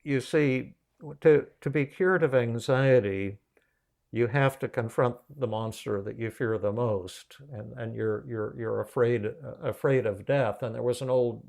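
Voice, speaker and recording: A man hosting a podcast, telling a story in a casual, animated way with many restarts. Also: medium pitch, unhurried, gravelly. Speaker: podcast host and psychiatrist.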